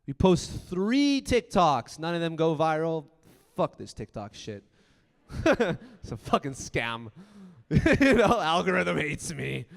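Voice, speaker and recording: A man giving a profane, punchy motivational keynote talk, swinging from loud bursts to quiet asides. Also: on the high side, big pitch swings, takes it slowly, vocal fry. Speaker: conference speaker. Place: large conference hall. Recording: long hall reverb.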